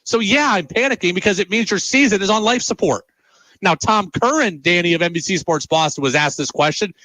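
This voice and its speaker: A man's voice: high voice, lively intonation, fairly quick, bright, forceful tone, no echo, poor audio. A man hosting sports talk radio, exasperated and emphatic, hammering his points home with repeated rhetorical questions.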